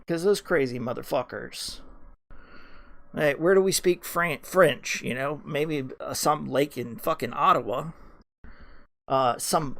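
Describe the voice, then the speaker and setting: A man's voice: on the high side, creaky, fairly bright tone. A man hosting a podcast, ranting in a rambling monologue full of swearing and restarts. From United States. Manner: ranting, heavy swearing, many fillers and restarts. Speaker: podcast host.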